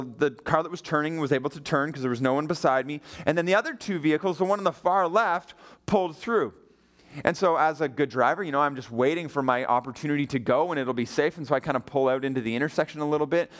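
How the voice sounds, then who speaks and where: A man's voice: mid-range voice, fairly bright tone. A young adult man preaching a sermon as a guest pastor, telling a personal story in a conversational way and asking the audience questions.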